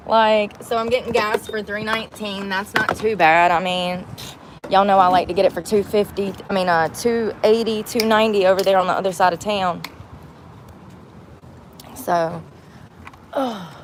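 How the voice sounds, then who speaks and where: A woman's voice: medium pitch, fairly even intonation, moderate pace, pauses often, slight background noise. A woman chatting casually and candidly to her viewers from inside a truck, rambling and cursing freely. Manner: candid, rambling, salty language. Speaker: vlogger. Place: inside a truck at a gas station.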